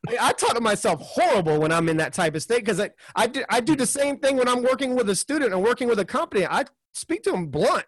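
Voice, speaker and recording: A man's voice: extremely high pitch, sing-song, fast talker, few pauses, no echo. A man co-hosting a podcast who talks bluntly and casually, sometimes swearing. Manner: blunt and frank, with occasional swearing. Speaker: podcast co-host. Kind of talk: casual interview chat.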